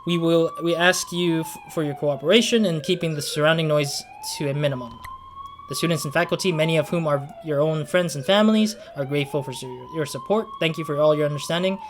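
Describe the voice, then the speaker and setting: Give me a man playing a formal school principal making an announcement, slightly higher voice. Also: a little fast, lightly acted. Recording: siren noise behind voice.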